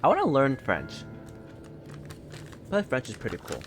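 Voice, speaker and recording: A man's voice: mid-range voice, huge pitch swings, unhurried, over music. A young man streaming and chatting casually, telling rambling stories full of fillers and laughs. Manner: rambling, filler-heavy storytelling with frequent laughs. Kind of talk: casual chat while gaming.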